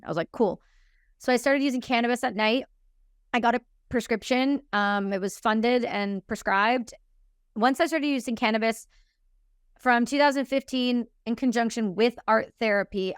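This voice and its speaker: A woman in her thirties from Canada, a military veteran telling her story frankly and with emotion in an interview, quoting others in quick dialogue. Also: medium pitch, clear, resonant tone, no echo, clean studio sound. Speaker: podcast guest, military veteran.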